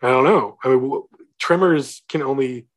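A man's voice: mid-range voice, normal speed. A man co-hosting a casual movie podcast, rambling and hesitant, full of "like" and restarts. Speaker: podcast co-host.

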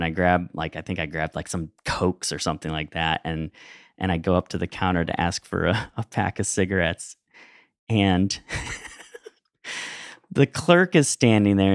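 Lively storytelling podcast man. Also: low-pitched, clear, resonant tone, no room sound, clean studio sound. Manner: rambling, animated anecdote with laughs. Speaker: podcast co-host. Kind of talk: casual storytelling chat.

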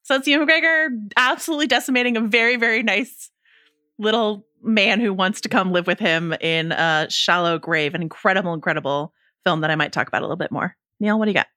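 A woman's voice: mid-range voice, quick pace, bright, forceful tone, no echo, studio quality. A woman co-hosting a podcast, chatting enthusiastically and emphatically about films. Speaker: podcast host. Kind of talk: casual chat.

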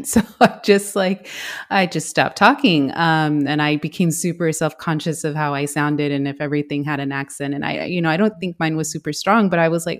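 A woman's voice: deep voice, normal speed. A woman in her forties, raised in the United States, talking as a guest in an interview in a reflective way, with many fillers and light laughs. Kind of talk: conversational interview.

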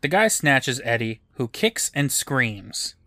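A man co-hosting a podcast, recapping an episode in a dry, deadpan way with jokes. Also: medium pitch, slow pace, no echo. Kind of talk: casual recap chat.

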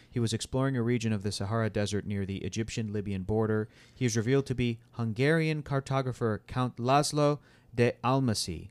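Easygoing man hosting a podcast. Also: mid-range voice. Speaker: podcast host. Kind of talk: casual chat, reading a plot summary.

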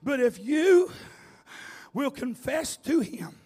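Revival preacher, high-pitched male voice, slow shouted delivery. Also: sing-song. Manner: shouting, chanting repeated phrases. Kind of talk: revival sermon.

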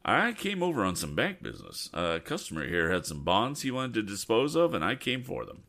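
A man voicing a cheerful young male bank cashier in a storybook reading, with a raised, lively voice. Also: fairly low pitch, brisk, voice pushed up, full character voice.

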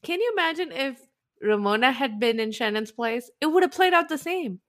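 A woman's voice: high voice, lively intonation, fairly quick, fairly bright tone. A woman co-hosting a podcast, chatting casually about reality TV, with frequent exclamations and laughter. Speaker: podcast co-host. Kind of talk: casual chat recapping reality TV.

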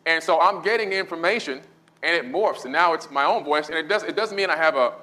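A man's voice: a little high, fast talker, bright, forceful tone, low-quality recording. A man in a casual podcast conversation, explaining his views in a thoughtful, storytelling way. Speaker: podcast guest.

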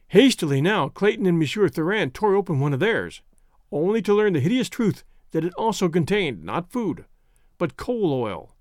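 Man narrating a novel, high voice. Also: no room sound, clean studio sound. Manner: steady, measured storytelling. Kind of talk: audiobook narration.

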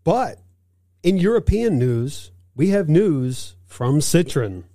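A man's voice: a little high, sing-song, slow, mellow, no room sound, studio quality. A man co-hosting a casual car-news podcast, reading out news items and making playful asides. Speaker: podcast co-host.

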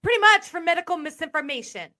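A Texan woman hosting a live stream, talking loud and brash, swearing freely in casual chat. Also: very high voice, expressive, quick pace. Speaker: live show host.

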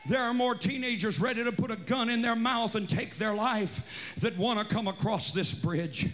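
Fervent preacher man with a high, bright voice. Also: moderate pace, a little hiss or hum. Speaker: pastor. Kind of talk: revival sermon. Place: large camp meeting gathering.

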